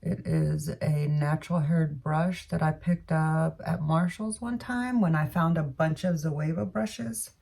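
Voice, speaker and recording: A woman's voice: low-pitched, unhurried, creaky, few pauses, dark tone, slightly rough, recorded from a distance. A woman beauty vlogger talking casually through her makeup routine, rambling and correcting herself with murmured asides. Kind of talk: casual makeup tutorial chat.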